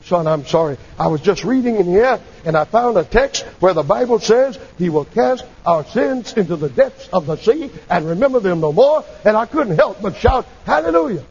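A man preaching plays a humble old father, apologetic and then overflowing with joy, his voice climbing high. It sounds husky on a dull, lo-fi recording. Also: animated, moderate pace, hardly any pauses, a little mellow, heavily acted. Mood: joyful. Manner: overjoyed apologetic exclaiming.

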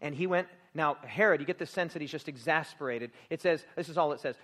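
A man preaching a sermon, lively and jokey, acting out scenes and laughing often. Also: fairly high pitch, quick pace, few pauses.

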